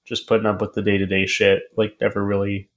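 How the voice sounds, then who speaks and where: A man co-hosting a podcast in casual chat, halting and repeating filler words as he thinks aloud. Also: lowish voice, completely flat delivery. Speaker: podcast co-host.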